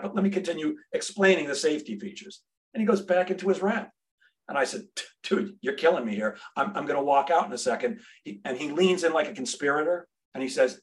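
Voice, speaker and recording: A man's voice: medium pitch, lively intonation, fast talker. A middle-aged man, a sales trainer and podcast guest, telling a brash, humorous story and acting out the dialogue.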